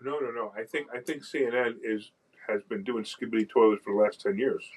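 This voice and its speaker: A man's voice: medium pitch, brisk, slightly rough, low-quality recording. A man on a radio talk show, wisecracking and poking fun at himself in casual banter. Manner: wisecracking, self-mocking.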